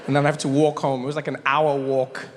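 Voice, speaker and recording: A man doing stand-up comedy with animated storytelling and frequent self-interruptions. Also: mid-range voice, fast, very noisy. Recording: live venue with long reverb.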